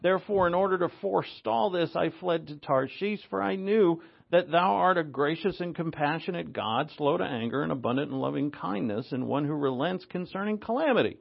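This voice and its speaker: A man preaching a sermon in a gravelly voice, sitting a little higher than most men. He swings between loud, drawn-out emphasis and quiet low asides. The recording sounds dull and lo-fi.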